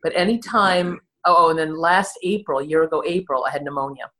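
A woman in her sixties speaks in a low, grounded voice. She tells her story candidly as an interview guest, laughing at herself along the way. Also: a little fast, a bit bright. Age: 60s. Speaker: therapist and podcast guest.

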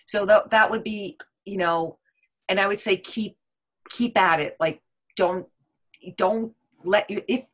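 A woman guest on a podcast, talking in an animated, rambling way with many "like" and "you know" fillers. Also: medium pitch, unhurried. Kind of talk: casual interview chat.

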